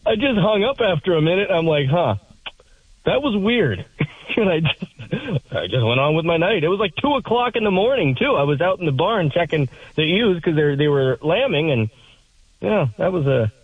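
A young man phones in to a radio show and tells a story in a lively, swooping voice, laughing and acting out the other voices. His voice is slightly husky. It comes through a tinny, phone-like line. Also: on the high side, brisk, no room sound. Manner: animated, laughing, acts out voices. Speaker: caller.

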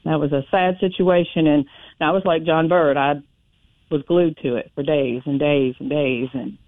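A woman calling in to a radio talk show, telling a personal story in a chatty, animated way. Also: low voice, normal speed, no room sound. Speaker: caller. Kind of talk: phone-in storytelling. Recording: tinny phone line.

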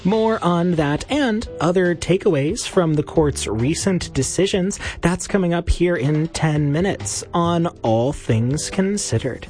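A radio announcer reads station promos in an animated, up-and-down voice. Faint music plays underneath the announcement. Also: mid-range voice, a little slow, hardly any pauses.

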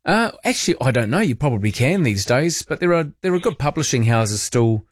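A man's voice: mid-range voice, sing-song, fairly quick, no room sound, clean studio sound. A man hosting a talkback radio show, chatty, blunt and opinionated with callers. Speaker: talk radio host. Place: radio studio.

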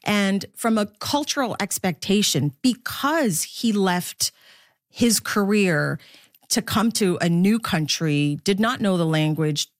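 A middle-aged woman from the Philippines, a sports broadcaster speaking candidly in an interview, laughing often and jumping high in pitch when quoting others. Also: animated, slow pace, dry recording, studio quality.

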